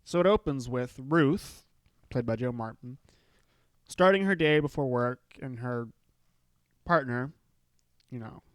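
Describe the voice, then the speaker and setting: A man's voice: mid-range voice, a little slow, long pauses, clear, resonant tone, no room sound. A man hosting his own show, chatting casually and retelling scenes in a loose, filler-filled way. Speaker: podcast host. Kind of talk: casual solo show recap.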